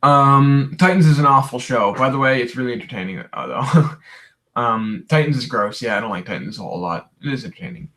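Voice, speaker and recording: Young man, livestream host, tired, rambling casual chat, lots of restarts, medium pitch. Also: sing-song, fairly quick, sharp tone. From Canada. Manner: rambling, chatty, frequent restarts and fillers. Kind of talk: casual livestream chat answering viewer questions.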